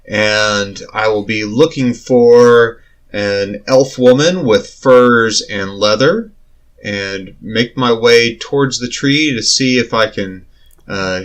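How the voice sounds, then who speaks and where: A man playing a tabletop fantasy game, stating his character's moves deliberately. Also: on the low side. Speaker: player. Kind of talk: tabletop role-play.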